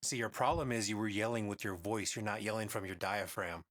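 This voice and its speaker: A man's voice: lowish voice, fairly even intonation, a little fast, a bit bright. A man co-hosting a podcast in a casual chat, laid-back, giving advice and swearing casually. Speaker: podcast co-host.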